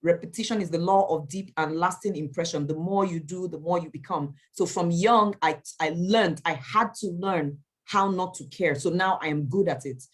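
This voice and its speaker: A woman, an event MC answering questions in a motivational talk, emphatic and animated as she tells stories. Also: fairly low pitch, normal speed, hardly any pauses. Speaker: event MC and speaker.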